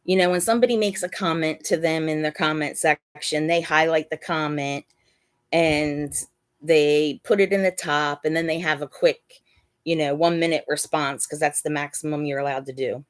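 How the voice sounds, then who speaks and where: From her bed at home, a woman hosts an informal live chat, emotional and near tears, and her mouth is dry. She breaks off to talk to her pets during the stream. Her voice is low-pitched and steady at a moderate pace.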